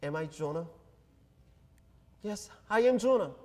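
High-voiced pastor preaching in a reverberant hall. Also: male voice, animated, a little mellow. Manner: earnest, deliberate preaching with pauses. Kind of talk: sermon.

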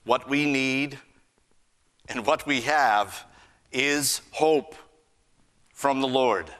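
A man preaching a sermon, earnest, swinging between raised emphasis and hushed lines. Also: medium pitch, extremely slow. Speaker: pastor.

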